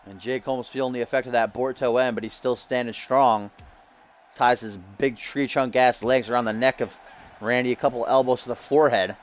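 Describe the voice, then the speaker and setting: A man giving lively play-by-play commentary on a video game wrestling match, getting loud at big moments. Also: medium pitch, a little fast. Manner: excitable, shouts at big moments.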